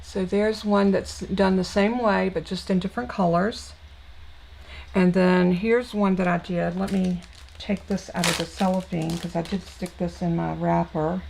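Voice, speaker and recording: A woman with a Southern US accent hosts a live card-making stream from her home craft room, in a lowish, steady voice that's a little slow and carries vocal fry. She's a craft channel host, warm and chatty, rambling with fillers and restarts, and the audio quality is poor.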